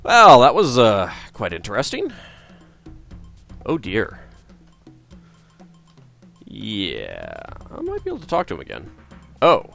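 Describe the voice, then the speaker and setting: A man casually commenting while playing a game, musing and hesitant with many pauses. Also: lowish voice, huge pitch swings, creaky, a bit bright, faint music behind. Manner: musing, hesitant, lots of uhs. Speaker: let's player.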